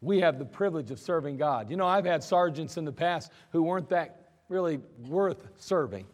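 A man's voice: on the high side, lively intonation, normal speed, a little mellow. A man preaching a sermon in a casual, storytelling way, often putting questions to his congregation. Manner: conversational, asks the congregation questions. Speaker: pastor. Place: church sanctuary.

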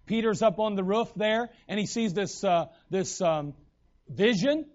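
A man preaching a sermon in an animated way, acting out the voices in the stories he retells. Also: high-pitched, measured pace, lo-fi sound.

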